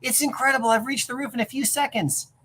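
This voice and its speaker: A woman's voice: high-pitched, fairly even intonation, quick pace, fairly bright tone, pitched above the performer's own voice. A woman voicing a shy teenage boy in a comic reading, speaking in a breathless, wondering way. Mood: amazed. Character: shy teenage boy, amazed by new powers.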